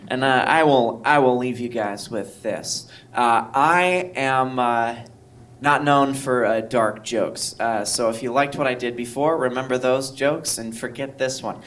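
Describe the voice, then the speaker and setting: A man's voice: mid-range voice, a bit bright. A man doing a stand-up set and then chatting at a bar, telling stories with many hesitant fillers. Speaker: stand-up comedian, guest.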